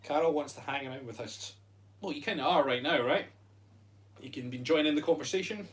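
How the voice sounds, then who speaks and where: A man's voice: a little high, brisk, recorded from a distance. A Scottish man co-hosting a live stream, joking and bantering as he reads out viewer comments. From Scotland. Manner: joking, playful, laughing banter. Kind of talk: casual live-stream chat reading comments.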